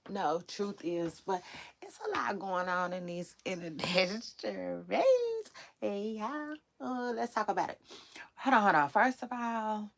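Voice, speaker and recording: A woman whose voice is lowish and creaky chats her way through a celebrity gossip livestream. She rambles casually, stretches out her words, and laughs a lot while talking to viewers over a livestream setup.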